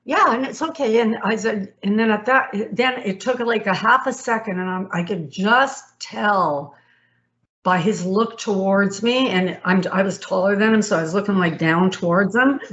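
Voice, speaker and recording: A woman's voice: mid-range voice, normal speed, fairly bright tone, slight background noise. A woman in her fifties, a podcast guest telling an emotional personal story in a rambling way, with restarts and acted-out dialogue. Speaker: guest, co-founder of a sports league. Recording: slightly muffled recording.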